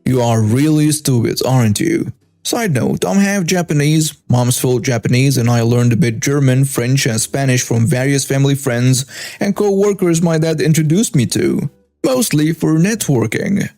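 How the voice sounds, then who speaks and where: A man narrating a first-person story with wry, animated asides. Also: medium pitch, moderate pace, no room sound, faint music behind.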